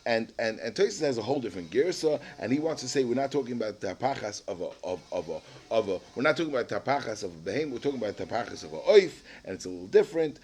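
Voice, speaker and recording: A man with a Yeshivish English accent teaching a Talmud lesson, halting with many restarts and repeated words, rising loud when he explains. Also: mid-range voice, animated.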